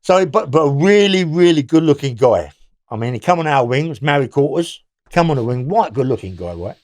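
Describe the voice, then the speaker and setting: A man's voice: a little high, animated, brisk, darkish tone, dry recording. Blunt London man with rambling storytelling. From England. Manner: rambling, blunt, swears freely. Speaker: interview guest. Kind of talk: recounting prison stories.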